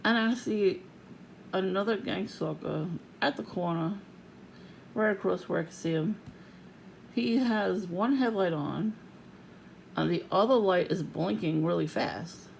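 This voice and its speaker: Casual profane rant, gravelly voice, frequent laughs, vlogger, faint background noise. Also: medium pitch, unhurried, long pauses, low-quality recording. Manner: profane, venting, laughs often.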